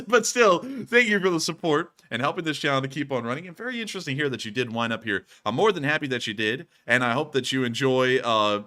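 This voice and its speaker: A man's voice: medium pitch, pushed and bright. A man hosting a livestream of war news commentary, exhausted and rambling with many fillers. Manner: rambling, frequent fillers and thank-yous. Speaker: livestream host.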